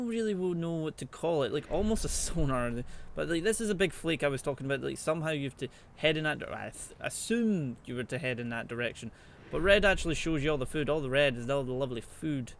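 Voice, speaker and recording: A man's voice: mid-range voice, a little hiss or hum. A man giving chatty, playful let's play commentary, teasing the animals in the game as he plays. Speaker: gaming channel host.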